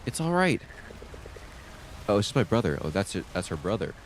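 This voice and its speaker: A man streaming a story game, casually reading the dialogue aloud and adding quick comments in his own voice. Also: fairly low pitch, slight background noise. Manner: lively, reads game lines in his own voice with quick asides.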